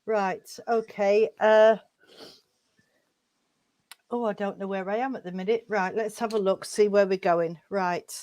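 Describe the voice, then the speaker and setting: A woman leads a mediumship demonstration at a service, speaking in halting bits full of fillers and restarts and calling people sweetheart. Her mid-range voice has a darkish tone and fairly even intonation.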